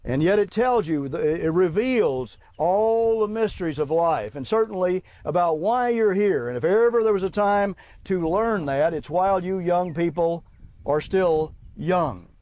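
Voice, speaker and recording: A man's voice: high-pitched, lively intonation, unhurried, darkish tone. A man preaching to young people at an outdoor camp, reading quotes aloud and pressing rhetorical questions with emphasis.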